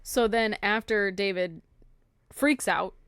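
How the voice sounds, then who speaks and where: A woman's voice: medium pitch, slow pace, fairly bright tone, smooth, no echo, clean studio sound. A woman co-hosting a faith podcast who reads scripture aloud and retells it in casual slang. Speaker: podcast co-host. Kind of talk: casual chat retelling a Bible story.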